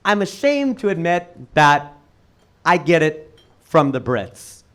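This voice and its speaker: A middle-aged man performing a stand-up comedy set on a club stage, with an animated, punchy delivery. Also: slow. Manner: animated, punchy delivery with sudden jumps in pitch.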